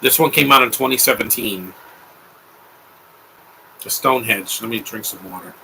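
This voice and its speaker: Young male commentary host, bright sharp voice, casual opinionated rambling. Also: fairly low pitch, moderate pace, vocal fry, slight background noise, poor audio. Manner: offhand, rambling, opinionated asides.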